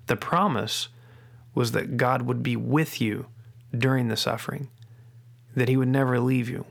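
Gravelly-voiced earnest man. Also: medium pitch, fairly even intonation. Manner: earnest, repeats key phrases with slow emphasis; frequent restarts and doubled words. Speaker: podcast host. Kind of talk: faith-based parenting podcast talk.

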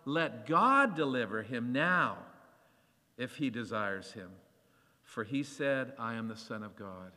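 A man preaching a sermon, animated and acting out the voices of scripture as he reads. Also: mid-range voice, slow pace, big-room sound.

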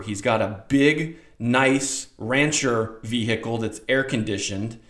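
A middle-aged man telling a rambling, animated childhood story in a casual way, acting out voices. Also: mid-range voice, a little slow. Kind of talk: casual anecdote. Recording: roomy echo.

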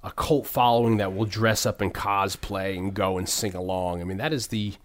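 A man's voice: lowish voice, fairly even intonation, moderate pace. A middle-aged man hosting a podcast, chatting casually about movies, rambling with many restarts and fillers. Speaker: podcast host.

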